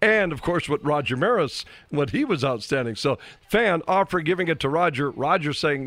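A man's voice: on the high side, lively intonation, fairly quick, hardly any pauses, a bit bright, dry recording. A man hosting a radio sports show in casual chat. He laughs often and restarts his sentences.

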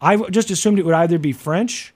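Midwestern American man co-host, higher-pitched voice, rambling casual talk. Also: fast talker, darkish tone, slightly rough. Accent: General American Midwest. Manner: chatty, musing, full of fillers and restarts. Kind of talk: casual chat.

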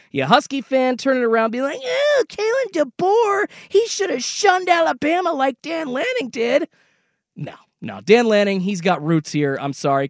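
A man co-hosting a sports radio show, arguing his points in an animated, casual way. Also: high-pitched, dry recording, studio quality. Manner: animated, argumentative.

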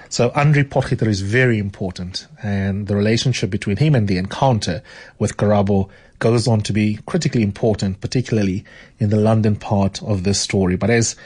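Husky-voiced male radio host. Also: on the low side, darkish tone. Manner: chatty, repeats words when thinking. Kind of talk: casual radio chat and book reading.

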